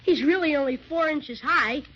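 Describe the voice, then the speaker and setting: A woman playing an eager, bold young boy in a 1930s radio drama. She makes him sound excited and bossy. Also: high voice, moderate pace, natural voice. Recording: dull 1930s radio transcription.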